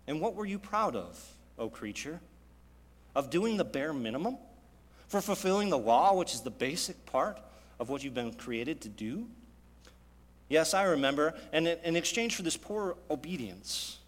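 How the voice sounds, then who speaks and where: A man preaching a sermon as pastor, with big swings between loud, raised passages and quiet, low asides. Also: very animated, normal speed. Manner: dynamic preaching with sharp swings in loudness and pitch. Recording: long reverb of a large hall.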